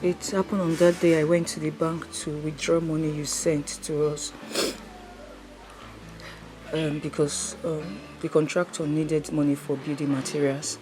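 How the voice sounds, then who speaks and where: A tearful, grieving relative. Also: female voice, low voice, little pitch movement, unhurried. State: crying. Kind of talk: Nollywood film acting. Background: music.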